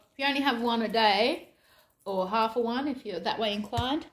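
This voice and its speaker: A woman with an Australian accent and a fairly high, expressive voice chats at normal speed while cooking in her home kitchen for a vlog. She thinks aloud and makes self-deprecating asides, with echo and clattering dishes around her.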